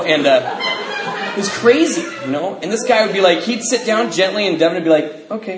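A man telling his recovery story to an audience as an animated storyteller who laughs as he talks. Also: on the high side. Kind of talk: personal testimony to an audience. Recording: echoey room with faint noise.

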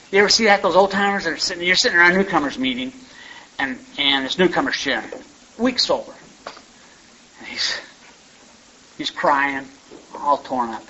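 At a recovery meeting, a man with a fairly high, slightly bright voice rambles through his story in a folksy manner, sprinkling in "man" and "you know." The recording is dull and lo-fi with a faint hiss.

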